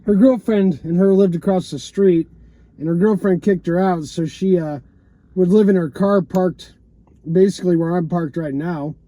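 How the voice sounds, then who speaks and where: A man talks in a casual, rambling way, leaning on "you know" and "man" and swearing freely. His voice sits high but sounds dark and mellow. The sound is dry and close, recorded inside a parked car. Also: moderate pace, no room sound. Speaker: vlogger telling a personal story.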